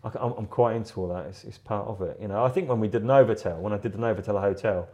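A man's voice: fairly low pitch, fast talker, a little mellow. A middle-aged man, a guest artist in a live interview, talking in a rambling, chatty way with frequent laughs and repeated words. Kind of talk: casual interview chat.

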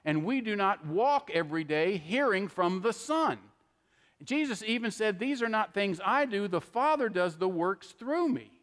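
Preacher, middle-aged man, high tenor voice, chatty sermon style, handheld mic, long church reverb. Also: expressive, a little slow, fairly bright tone. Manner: conversational preaching with frequent "okay?" asides. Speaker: pastor. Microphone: handheld microphone.

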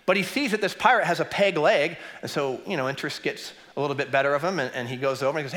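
A man's voice: fairly high pitch, fast talker. A man preaching as executive pastor, enthusiastic and conversational, leaning into repeated points. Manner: enthusiastic, conversational, lively emphasis. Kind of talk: sermon. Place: church sanctuary. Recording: long church reverb.

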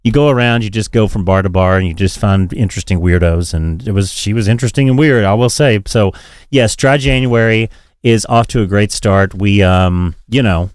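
A man co-hosting a podcast, telling stories in a casual, profane, animated way with frequent laughs. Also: fairly low pitch, normal speed, clear, resonant tone, dry recording, studio quality. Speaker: podcast co-host. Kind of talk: casual chat.

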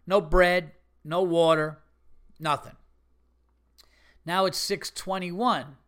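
Animated, cursing male storyteller. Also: sits high, slow pace, smooth. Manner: animated, swearing, rising to indignant bursts. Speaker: podcast host. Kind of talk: casual storytelling monologue.

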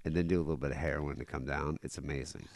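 A man's voice: rumbling low, fairly even intonation, very fast, creaky, dry recording, clean studio sound. A man co-hosting a podcast, arguing his point in laid-back banter and laughing often. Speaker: podcast co-host. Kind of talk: casual banter.

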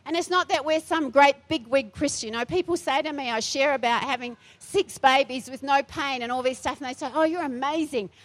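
A woman's voice: high-pitched, brisk, hardly any pauses. A middle-aged woman pastor delivering a feisty, emphatic sermon in a church, repeating her phrases for force.

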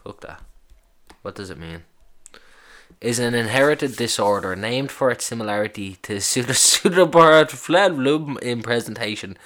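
A man's voice: medium pitch, animated, normal speed, a bit bright. A man hosting a casual solo podcast, reacting aloud with amused swearing as he browses. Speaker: podcast host.

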